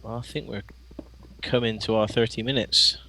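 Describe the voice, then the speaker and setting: A man co-playing a let's play, talking casually with frequent laughs and lots of halting fillers. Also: lowish voice, steady tone, pushed and bright, a little hiss or hum. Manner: chatty, laughs often, halting with many fillers. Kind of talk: casual gameplay chat.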